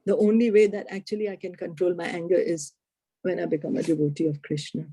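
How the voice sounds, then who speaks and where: A woman spiritual teacher retelling a scripture story and explaining its lessons, asking lively rhetorical questions. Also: lowish voice, quick pace, a little hiss or hum.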